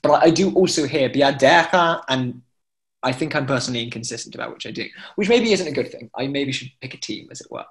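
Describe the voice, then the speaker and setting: A man's voice: medium pitch, animated, fast. A man teaching an online class in chanting scripture, explaining with many fillers and chanting short examples. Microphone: video call.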